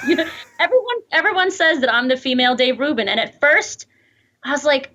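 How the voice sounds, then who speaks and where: A woman in her thirties with a New York accent, a guest in an interview, chatting quickly and laughing as she talks. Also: high-pitched, animated, sharp tone. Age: 30s. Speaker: guest, online video creator. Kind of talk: interview conversation. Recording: dull lo-fi replayed clip.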